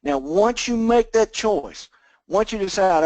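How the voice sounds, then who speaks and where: A man's voice: high voice, lively intonation, a little slow, a little mellow, no room sound, poor audio. A man leading a sales team call, giving a folksy motivational talk. He repeats phrases over and over in a preachy rhythm. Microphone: phone or conference call line.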